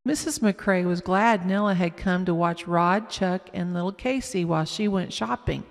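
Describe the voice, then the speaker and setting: A woman reading a children's story aloud slowly and carefully, with small slips. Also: on the low side, creaky. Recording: long echoing reverb.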